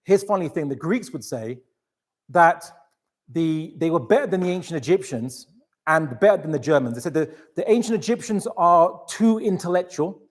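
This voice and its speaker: A man giving a lecture to an audience, animated and chatty, full of restarts and asides. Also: on the high side, moderate pace. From England. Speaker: Islamic lecturer.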